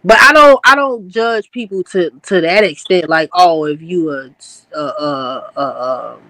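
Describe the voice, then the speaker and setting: A woman chatting casually in an online group talk, expressive and teasing. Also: fairly low pitch, a little slow, dry recording, rough recording.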